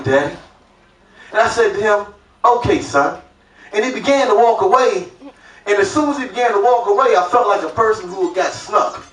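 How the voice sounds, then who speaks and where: A man performing a stand-up comedy set, telling a story loudly and acting out the voices of its characters. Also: sits high. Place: comedy club stage. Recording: roomy club sound from a distant mic with crowd laughter.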